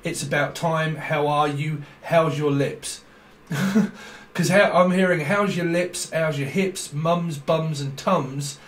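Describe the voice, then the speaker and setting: A man's voice: a little high, steady tone, slow, a bit bright, reverberant. A man giving a casual tarot reading, playful and rambling, breaking into laughs often. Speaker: tarot reader.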